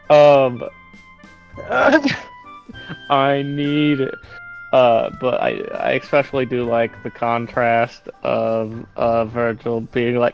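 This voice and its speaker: A man's voice: mid-range voice, very animated, very slow, gravelly, pauses often, soft background music. A man chatting casually about his tabletop game character, hesitant and full of ums, laughing at himself. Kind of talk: casual chat after a game session.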